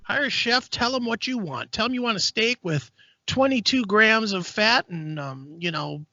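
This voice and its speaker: A man with a high, swooping, bright voice riffs crudely and sarcastically on a talk show. The sound is dry and dull. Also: moderate pace, no echo. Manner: animated, crude, sarcastic riffing. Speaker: podcast co-host. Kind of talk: casual profane chat.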